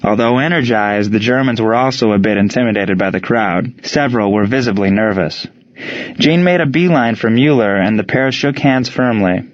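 Male narrator, low voice, steady storytelling read, dry and slightly muffled recording. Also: moderate pace, no room sound. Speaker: audiobook narrator. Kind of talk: scripted narration.

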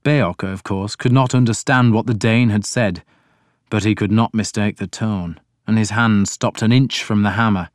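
Low-voiced male audiobook narrator. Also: fairly even intonation, no echo, studio quality. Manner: measured storytelling. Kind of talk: scripted first-person narration.

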